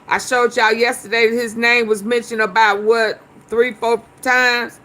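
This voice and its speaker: Slow, bright-voiced woman host. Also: on the high side, flat delivery. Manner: drawling, talks back at clips, repeats herself. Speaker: commentary show host. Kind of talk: casual live commentary.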